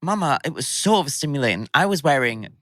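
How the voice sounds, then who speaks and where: A man's voice: on the high side, sing-song, fast, a bit bright, no room sound, clean studio sound. A young man from South Shields with a Geordie accent, chatting as a podcast guest and acting out quotes in funny voices. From South Shields, England. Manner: rambling, acts out quotes in character voices. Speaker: podcast guest, drag artist. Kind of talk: casual chat.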